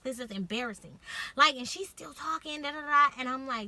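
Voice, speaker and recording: Animated bright young woman storyteller. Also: high-pitched, fairly quick. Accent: Californian. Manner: animated, swearing, acts out quotes. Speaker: vlogger. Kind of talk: casual storytime.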